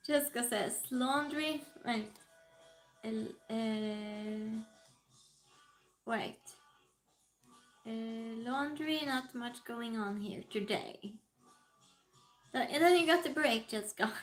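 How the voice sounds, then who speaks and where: A woman hosts a relaxed livestream, greeting her viewers by name and reading their comments aloud. Her voice sits high, and she takes her time with each thought, laughing often. Soft music plays faintly underneath. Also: takes it slowly, pauses often, low-quality recording. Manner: chatty and giggly, greets viewers one by one. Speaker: livestream host. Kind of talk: casual stream chat, reading out viewer comments.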